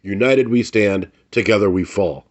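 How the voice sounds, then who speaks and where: Angry, profane man ranting, low voice. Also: normal speed. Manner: angry, blunt and profane, repeats phrases for emphasis. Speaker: vlogger. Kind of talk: heated ranting commentary to camera.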